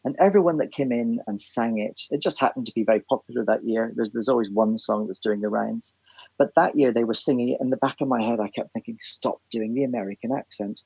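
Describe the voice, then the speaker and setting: A man talks in a relaxed, anecdotal way as a podcast guest. His voice has a gravelly, slightly husky grain. The recording is dry and close. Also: medium pitch, fast talker, no room sound, dull audio. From Ireland. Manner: chatty, anecdotal, many restarts and ums. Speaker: guest, theatre writer and composer. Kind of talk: casual podcast interview.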